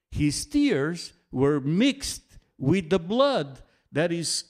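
A man delivering a sermon at an unhurried, deliberate pace. His voice sits a little higher than most men's. He speaks earnestly and now and then lets out a soft laugh. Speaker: preacher.

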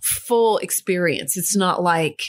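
A woman's voice: fairly low pitch, takes it slowly. A woman hosting a podcast, reflective and supportive in a conversational interview. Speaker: podcast host.

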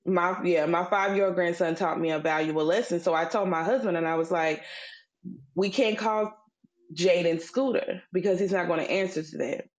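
A middle-aged woman with a lower-pitched voice, chatting casually as a podcast co-host. She tells a story conversationally, full of fillers, and slips into an emphatic, sermon-like delivery when she makes her point. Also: moderate pace. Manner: conversational, acts out quoted voices, turns preachy and emphatic. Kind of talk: casual faith-based storytelling chat.

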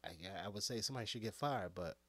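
A man ranting in a casual comedic style, laughing often and swinging between loud outbursts and near-whispers. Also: on the low side, animated, fast. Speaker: comedic commentator.

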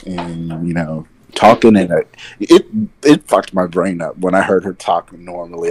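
A man's voice: sits low, unhurried, darkish tone, a little hiss or hum, rough recording. A man co-hosting a podcast, telling stories in casual chat, loose and full of fillers. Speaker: podcast co-host.

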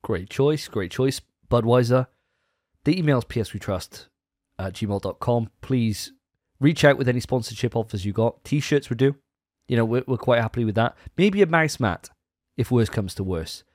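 A man's voice: mid-range voice, animated, moderate pace, a little mellow, dry recording, clean studio sound. A man co-hosting a gaming podcast, chatting casually and rambling with restarts. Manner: chatty, rambling, self-correcting. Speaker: podcast co-host. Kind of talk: casual chat.

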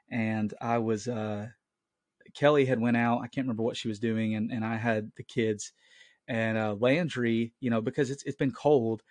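A man's voice: medium pitch, darkish tone, no echo. A man in his late twenties hosting a Christian podcast from home on his own mic, talking in an earnest, rambling way. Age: late 20s. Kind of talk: casual solo podcast talk. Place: at home, family in the next room.

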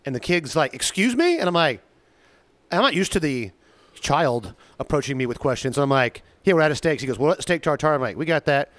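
A man's voice: fairly high pitch, brisk. A chatty man trades restaurant war stories with a friend in a wry, teasing tone. His voice sounds dry and close, with no room echo. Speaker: server. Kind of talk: casual storytelling chat.

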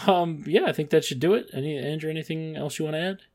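Animated man on a movie podcast. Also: fairly high pitch, fast talker. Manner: animated, laughing, swears casually. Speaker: podcast co-host. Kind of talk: casual movie podcast chat.

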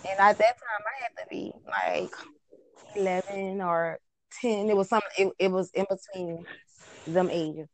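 A woman telling her own life story as an interview guest, in casual, halting talk with frequent pauses and restarts. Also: medium pitch, big pitch swings, crowd noise, rough recording.

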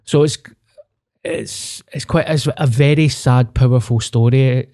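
A Glaswegian man chats on his podcast in a blunt, sweary way, speaking openly about his own struggles. His voice is dark and mellow, recorded dry and close. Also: mid-range voice, steady tone, measured pace, dry recording. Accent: Glaswegian Scottish. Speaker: podcast co-host. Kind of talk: casual podcast chat.

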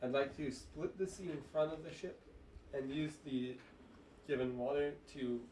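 A man's voice: on the high side, darkish tone, slight background noise. A man playing a tabletop game, laying out his character's actions step by step. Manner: deliberate, describes actions step by step. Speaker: player. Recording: roomy, distant from mic.

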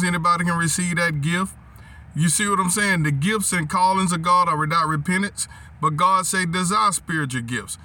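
Bright-voiced preacher, a bit off-mic. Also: male voice, a little high, far from the mic. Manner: repetitive, call-and-response, scripture quoting; restarts and stumbles while thinking. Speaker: pastor. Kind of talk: sermon teaching.

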